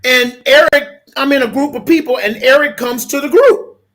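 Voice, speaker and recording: Animated storytelling man, pastor as guest. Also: extremely high pitch, normal speed. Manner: animated storyteller, repeats "okay?" for emphasis; switches into lively voices when quoting people. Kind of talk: conversational storytelling.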